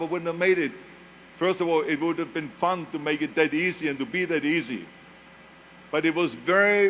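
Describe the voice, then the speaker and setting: A man's voice: on the high side, fairly bright tone, slight background noise. A man with a German accent giving a motivational speech, emphatic and repeating key phrases. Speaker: speaker.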